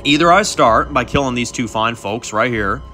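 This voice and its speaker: A man's voice: mid-range voice, moderate pace, bright, forceful tone, faint music behind, lightly acted. Man doing Audrin, a taunting mercenary. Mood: menacing. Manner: drawling, mocking, calls people darling. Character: swaggering male mercenary with a chainsaw.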